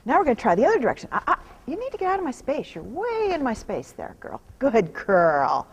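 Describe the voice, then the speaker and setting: A woman horse trainer talks viewers through a hands-on demonstration. Her husky, breathy voice sits high and swings widely in pitch, shifting from firm commands to soft, nearly whispered praise for the horse. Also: brisk. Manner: alternates firm commands with calm explanation to viewers; drops into hushed near-whispers when soothing.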